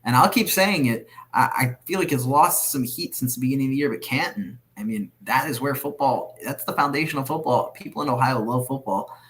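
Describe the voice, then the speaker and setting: A man's voice: mid-range voice, fairly quick, few pauses, a bit bright. A man co-hosting a casual sports podcast, earnest and opinionated as he makes his case. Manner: earnest, opinionated, argues his points steadily. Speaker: podcast co-host.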